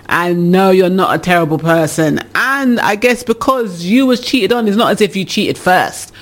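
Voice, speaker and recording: A man's voice: high voice, moderate pace, few pauses. A man hosting a casual advice show, reading listener letters and giving frank opinions, laughing often.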